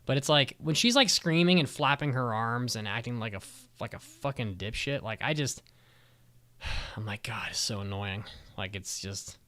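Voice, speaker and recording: Regular-pitched guy cohosting a podcast, swears a lot, says like constantly, super casual. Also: expressive, normal speed, a bit bright. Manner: blunt, profane, lots of "like" fillers. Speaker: podcast co-host. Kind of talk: casual chat.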